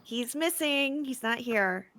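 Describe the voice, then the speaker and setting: A woman player at a tabletop game, tossing out quick joking asides. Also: high-pitched, lively intonation, a bit bright.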